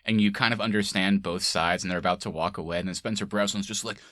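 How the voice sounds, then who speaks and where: A young man co-hosting a podcast, chatting casually about movies, laughing often and mimicking characters in a high voice. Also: fairly even intonation, fast talker, bright, forceful tone, no room sound, clean studio sound. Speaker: podcast co-host. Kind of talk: casual movie review chat.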